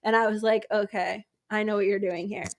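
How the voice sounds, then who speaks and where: A woman's voice: medium pitch, flat delivery, brisk. A woman co-hosting a casual podcast, talking in a chatty way with lots of fillers. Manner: chatty, uses many fillers like "like" and "um". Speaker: podcast co-host. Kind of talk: casual chat.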